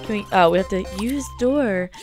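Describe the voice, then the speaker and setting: A woman's voice: medium pitch, normal speed, faint music behind. A young woman chatting casually with lots of fillers as she plays a video game. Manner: chatty, filler-heavy, excitable. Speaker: let's play host. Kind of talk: casual gameplay commentary.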